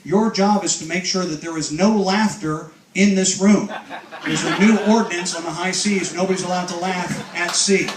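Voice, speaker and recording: A man performing as a stage hypnotist. He gives slow, soothing trance commands and mixes them with upbeat banter with the audience. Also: sits high. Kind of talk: live stage hypnosis show. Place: cruise ship show lounge with live audience. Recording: echoey room from far off, loud crowd and noise.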